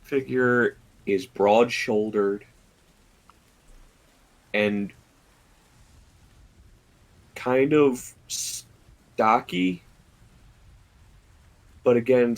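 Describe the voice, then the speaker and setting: A man narrating a tabletop game as dungeon master, describing scenes slowly and deliberately with pauses. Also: medium pitch, poor audio.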